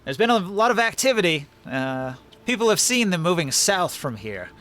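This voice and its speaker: A man's voice: high-pitched, big pitch swings, normal speed, sharp tone, soft background music, exaggerated voice. A man playing an old dwarf innkeeper. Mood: confiding.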